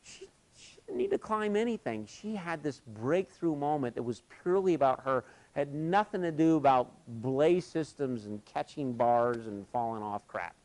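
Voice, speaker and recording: Animated male workshop facilitator telling stories. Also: medium pitch, normal speed. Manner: animated, acts out both sides of dialogues. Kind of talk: live workshop storytelling. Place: live workshop session at a conference.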